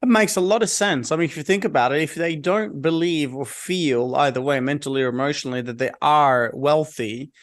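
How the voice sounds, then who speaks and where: A man's voice: on the high side, brisk, hardly any pauses. Rambling male interview host. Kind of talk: interview questions and paraphrase.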